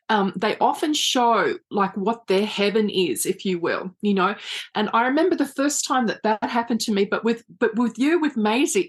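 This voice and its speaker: Gentle, reflective middle-aged woman. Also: mid-range voice. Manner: gentle, reflective, full of 'you know'. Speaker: psychic medium guest. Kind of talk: casual podcast interview.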